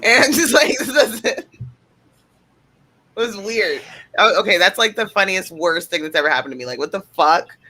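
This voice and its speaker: A woman's voice: mid-range voice, animated, moderate pace, long pauses, bright, forceful tone. A woman in her thirties chatting casually on a panel, blunt and profane. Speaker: panel guest. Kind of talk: casual chat.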